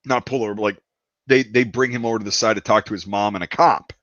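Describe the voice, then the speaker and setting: A man's voice: fairly low pitch, steady tone, fast talker, a bit bright, dry recording. A man casually telling a long, profane anecdote on a podcast. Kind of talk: casual storytelling. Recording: dull, dry lo-fi sound.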